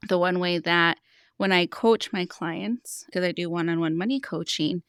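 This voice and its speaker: A woman's voice: on the low side, normal speed, a bit bright, clean tone, no room sound, clean studio sound. A woman in her thirties, a money coach, talking earnestly on a podcast and explaining with stories about her clients. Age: 30s. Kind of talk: podcast conversation, storytelling.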